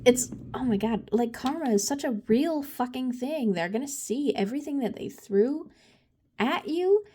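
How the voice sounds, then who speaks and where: A woman's voice: on the high side, normal speed, mellow, a little hiss or hum. A woman giving a casual tarot reading, blunt and profane, rambling with laughs and sighs. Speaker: tarot reader.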